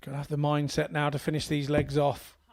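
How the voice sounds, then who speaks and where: A man co-commentating on darts, cracking jokes and giving advice on the players' mindset. His voice is gravelly and a little high, recorded dry and close. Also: completely flat delivery, fairly quick, dry recording. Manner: jokey, gives advice. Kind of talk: live sports commentary.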